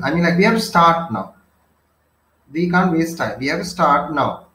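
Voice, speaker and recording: A man's voice: fairly high pitch, animated, normal speed, fairly bright tone, roomy sound, rough recording. A man teaching a novel in a lecture, paraphrasing it, defining words and often checking in with 'right?'.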